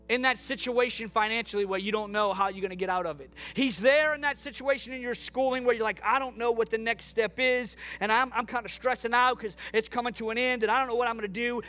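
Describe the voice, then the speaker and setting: A man's voice: high-pitched, a bit bright. A man preaching a sermon to a congregation in a church room, impassioned, repeating phrases for emphasis. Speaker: pastor.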